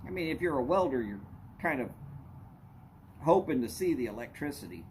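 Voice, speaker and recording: A man's voice: mid-range voice, animated, moderate pace, darkish tone, slight background noise. A middle-aged man hosting a live stream, chatting casually and telling rambling jokes and stories. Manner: rambling, joking storyteller.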